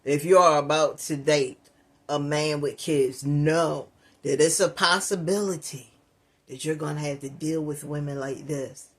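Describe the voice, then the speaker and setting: A slightly high-voiced man runs a reaction channel, chatting straight to his viewers in a loose, casual way. He pokes fun at the clip he is watching and lectures his audience between jokes. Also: fairly even intonation, unhurried. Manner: mocking, laughs at the clip, addresses viewers as y'all. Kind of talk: reaction commentary.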